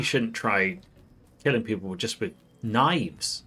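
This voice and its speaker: A man's voice: on the low side, expressive, slow pace, bright, forceful tone, husky. A man streaming a video game live, chatting wryly and talking back to the characters on screen. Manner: chatty, wry, talks to the screen. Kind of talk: live gameplay commentary.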